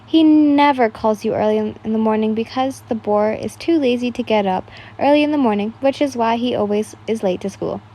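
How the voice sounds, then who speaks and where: A young woman reads a second-person fan story aloud in a loose, casual way. Her voice is mellow and rather high. She trips over words and restarts them, and she swears freely. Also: fairly quick. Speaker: fan fiction reader.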